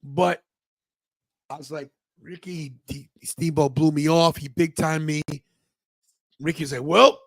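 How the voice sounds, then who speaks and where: Middle-aged guy with a high voice, emotional storytelling, dry close mic. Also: a little slow, pauses often, no echo. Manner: emotional, animated retelling with quoted voices. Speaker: podcast host. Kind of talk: storytelling monologue.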